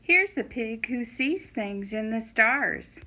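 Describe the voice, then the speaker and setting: A woman reading a picture book aloud for preschoolers, gentle and expressive. She speaks slowly and clearly. Her voice sits slightly high. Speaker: children's librarian.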